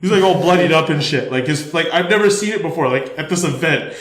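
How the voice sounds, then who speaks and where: A man's voice: on the high side, quick pace, fairly bright tone. A man hosting a podcast, telling a story with lots of swearing and filler words. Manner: swears a lot, fills with "like". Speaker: podcast host. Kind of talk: animated storytelling. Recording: echoey room.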